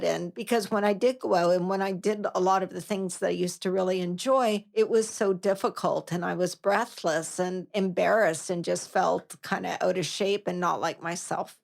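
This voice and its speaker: A woman, telling her own story as a patient in an earnest, reflective way. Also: medium pitch. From Canada. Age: 50s. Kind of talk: personal testimony.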